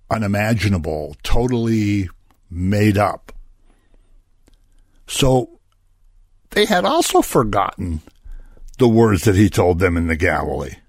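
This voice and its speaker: A man with a low, husky voice delivers a conversational Bible-study sermon. He keeps asking his listeners rhetorical questions and chuckles between points. His voice is close and dry, with no room sound around it. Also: lively intonation, slow pace, long pauses, no echo. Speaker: preacher.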